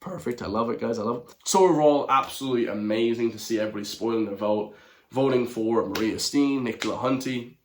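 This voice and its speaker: A young Irish man giving casual commentary to his viewers, chatty and quick to chuckle, calling them lads and guys. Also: medium pitch, a little hiss or hum. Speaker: online commentator.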